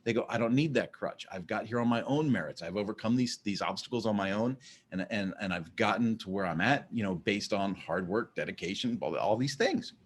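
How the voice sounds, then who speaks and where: A man's voice: fairly low pitch, lively intonation, fairly quick, breathy edge. A man in a casual monologue, rambling and often repeating words as he starts a sentence. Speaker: vlogger.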